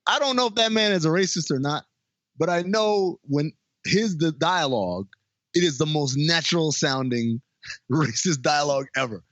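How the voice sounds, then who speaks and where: A man's voice: on the high side, moderate pace, no room sound, dull audio. A man co-hosting a podcast, joking and laughing while chatting casually about a film. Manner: joking, expressive, laughs often. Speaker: podcast co-host. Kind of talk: casual film review chat.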